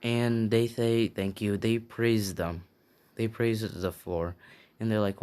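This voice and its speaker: Rambling low-voiced young man. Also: steady tone, slow, a little mellow, clear, resonant tone. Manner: rambling, casual, full of fillers and restarts. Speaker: channel host telling a fan story. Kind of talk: improvised story narration.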